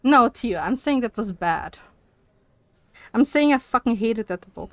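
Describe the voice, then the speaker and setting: A woman's voice: on the high side, measured pace, no echo. A young woman streaming live, chatting and swearing animatedly, a little out of breath from walking on a walking pad. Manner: animated, swearing, laughs often. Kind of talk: casual chat with live chat.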